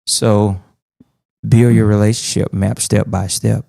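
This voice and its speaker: Gravelly casual man co-hosting a faith podcast. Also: fairly low pitch, flat delivery, measured pace, dark tone, dry recording, clean studio sound. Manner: casual, joking, hesitant with many fillers. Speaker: podcast co-host.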